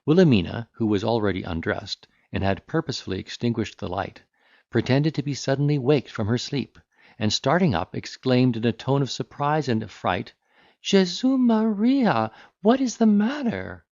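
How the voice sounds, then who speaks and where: A man narrating a classic novel in a measured, formal storytelling manner. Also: medium pitch, gravelly, darkish tone, no echo, dull audio. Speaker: audiobook narrator.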